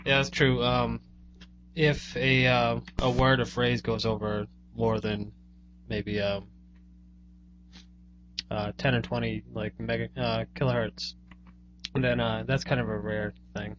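A man speaking as a guest investigator on a radio show, hesitant and halting with many fillers. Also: mid-range voice, level tone. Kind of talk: casual radio chat. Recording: dull lo-fi recording with hum.

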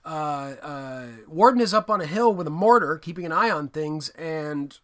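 A man's voice: fairly high pitch, normal speed. A man co-hosting a podcast, casually recapping a war film, acting out lines and swearing freely. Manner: animated storyteller, acts out movie lines, swears casually. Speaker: podcast co-host.

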